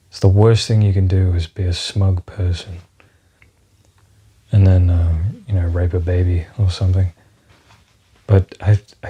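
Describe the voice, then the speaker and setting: A man's voice: deep voice, mellow, husky. A man hosting a solo podcast, rambling and swearing freely as he drifts from topic to topic, with lots of fillers. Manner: rambling, profane, sidetracked, with many fillers. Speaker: podcast host.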